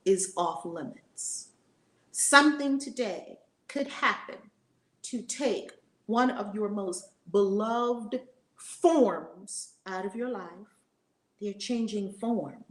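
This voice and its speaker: A middle-aged woman in an echoey room teaches spiritual lessons with blunt, emphatic force. She repeats key phrases, drops to a hush, then rises again, swearing casually. Her pitch sits in an ordinary middle range for a woman. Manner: emphatic, repetitive, swings between loud and hushed. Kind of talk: impassioned spiritual talk.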